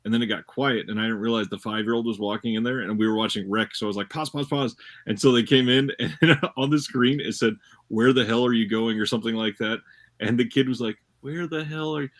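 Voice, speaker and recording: A man with a fairly low voice co-hosting a film podcast. He tells easygoing stories about his wife and kids. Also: steady tone, fast talker, a bit bright. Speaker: podcast co-host. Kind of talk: casual chat.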